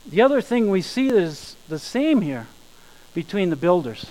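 A man preaching a sermon, emphatic, slowing down and rising in volume on key phrases. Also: sits high, big pitch swings, a little mellow, poor audio. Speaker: pastor.

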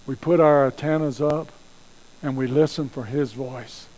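Male pastor, mellow tone, earnest sermon delivery. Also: medium pitch, steady tone, unhurried, low-quality recording. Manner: earnest preaching, dropping to soft prayer.

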